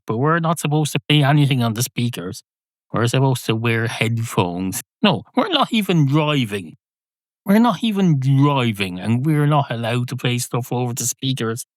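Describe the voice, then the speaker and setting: A man's voice: mid-range voice, dry recording, studio quality. A middle-aged man hosting a podcast, delivering a digressive, sardonic comic monologue that wanders off and corrects itself. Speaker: podcast host.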